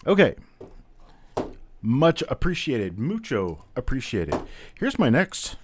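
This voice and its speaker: A man's voice: mid-range voice, huge pitch swings, slow, background noise. A man hosting a live-stream coin auction, chatty, calling out bidders and prices one after another. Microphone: webcam on a stand.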